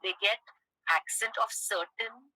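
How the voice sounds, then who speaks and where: Give me a woman lecturing students in a classroom, with a very bright tone. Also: medium pitch, no room sound, rough recording. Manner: explains with frequent "okay?" check-ins and "uh" pauses. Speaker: teacher.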